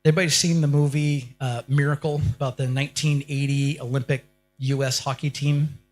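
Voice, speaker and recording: A man's voice: medium pitch, steady tone, fairly quick. A man delivering a motivational keynote speech, firing rhetorical questions at the audience and building up to short, punchy lines. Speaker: keynote speaker.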